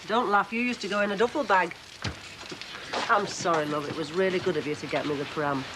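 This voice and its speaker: An actress playing a gentle, apologetic middle-aged mother in a TV soap. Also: on the low side, fairly quick, lightly acted. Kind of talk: TV soap acting. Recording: noisy TV soundtrack.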